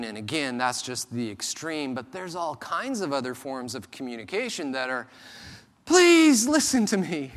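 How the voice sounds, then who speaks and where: A man preaching a sermon as pastor, in a conversational, animated way, sometimes acting out the voices of people he quotes. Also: medium pitch, in a large hall.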